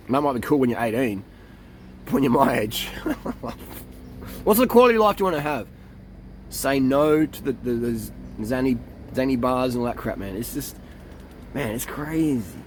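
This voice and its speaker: Man, middle-pitched, with a faint hum of passing vehicles; blunt, profane coach ranting casually to camera. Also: lively intonation, moderate pace. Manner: jumps into mocking impressions of others. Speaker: cycling coach and vlogger.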